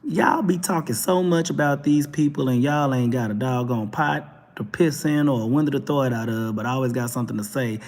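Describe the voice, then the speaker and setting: A Texan man hosting a talk show, delivering an animated, preachy monologue with mocking asides. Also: mid-range voice, fairly quick, hardly any pauses, big-room sound. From Texas. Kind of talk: opinionated monologue.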